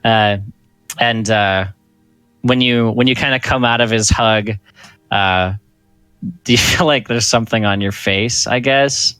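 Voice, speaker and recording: A man's voice: mid-range voice, fairly even intonation, a little slow, pauses often, sharp tone, clear, resonant tone, dry recording, faint music behind. A man narrating as game master of a tabletop game, laid-back and full of fillers.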